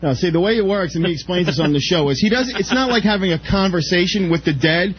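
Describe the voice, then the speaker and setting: A man's voice: high-pitched, quick pace, slightly rough. A man who is a guest on a radio talk show, earnestly defending his view. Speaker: studio guest. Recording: dull lo-fi radio recording with faint hiss.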